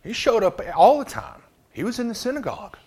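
A man's voice: very high voice, huge pitch swings, brisk, a little mellow, husky. A man preaching a casual Bible lesson, reading verses and adding humorous, conversational asides. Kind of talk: joking Bible teaching.

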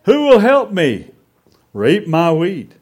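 A man's voice: high voice, wildly swooping pitch, takes it slowly, a little mellow, pitched above the performer's own voice, exaggerated voice. A man voicing a small, hardworking female hen in a told fable, speaking in a raised, insistent voice. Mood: earnest.

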